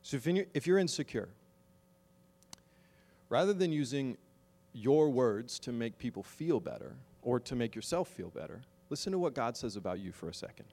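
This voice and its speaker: A man preaching a sermon to his congregation, moving from wry, conversational asides to loud, slow, emphatic exhortation. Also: mid-range voice, lively intonation, in a large hall. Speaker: pastor.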